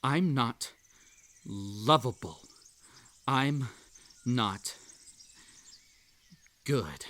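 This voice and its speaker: A man's voice: medium pitch, animated, drawn-out words, pauses often, a bit bright. A man voicing an unhinged, desperate yandere who hosts a tea party, speaking in an audio role-play in a creepy, clingy and sweetly menacing way.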